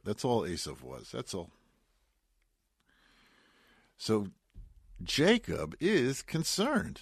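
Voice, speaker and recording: Animated man preaching a folksy sermon. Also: fairly low pitch, extremely slow, vocal fry, pauses often, husky, no room sound, clean studio sound. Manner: animated storytelling with Hebrew and Yiddish words; folksy, homespun asides. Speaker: rabbi giving a weekly Torah talk. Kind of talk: radio sermon on the weekly portion.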